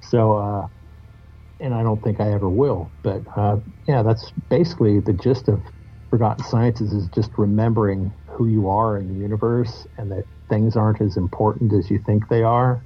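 A man's voice: lowish voice, steady tone, moderate pace, breathy edge, faint music behind. A man being interviewed as a guest musician on a podcast, talking in a candid, reflective and loose way, swearing now and then. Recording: muffled lo-fi audio.

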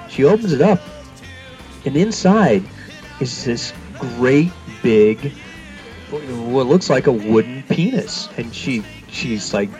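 A man's voice: mid-range voice, unhurried, soft background music, low-quality recording. A man co-hosting a casual talk podcast, telling a long joke and jumping into little character voices. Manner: animated storyteller, jumps into character voices. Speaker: podcast co-host.

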